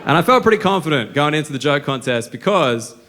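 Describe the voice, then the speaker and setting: An Australian man doing a stand-up set, telling stories in a brash, profane, deadpan way. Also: a little high. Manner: brash, profane, deadpan storytelling with quick asides. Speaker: stand-up comedian. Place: comedy stage with live audience laughing. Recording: live show with audience noise.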